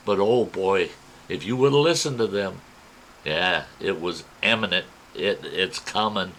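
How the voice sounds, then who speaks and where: A man telling a personal adventure story in a folksy, animated way, acting out what others said. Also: sits low, a little slow, slight background noise, rough recording. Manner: folksy, animated retelling with quoted voices.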